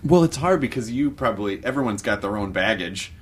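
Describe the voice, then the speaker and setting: An American man hosting a podcast, chatting casually and jokingly with his guest, with quick asides. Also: on the low side, expressive, husky. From United States. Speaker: podcast host. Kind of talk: casual interview chat.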